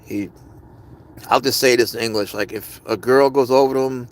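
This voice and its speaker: A man's voice: mid-range voice, fairly even intonation, moderate pace. A man hosting a live stream, chatting casually and rambling as he answers viewers' comments. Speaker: livestream host.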